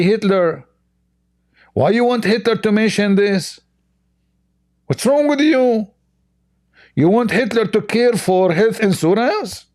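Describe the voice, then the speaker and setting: With a mellow, dark tone and a pitch a touch high for a man, he delivers rambling reaction commentary that is sarcastic, mocking, and grammatically broken.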